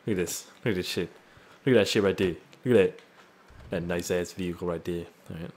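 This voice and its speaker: A man's voice: sits low, fast, darkish tone. A young man hosting a gaming video with crude, joking, rambling commentary.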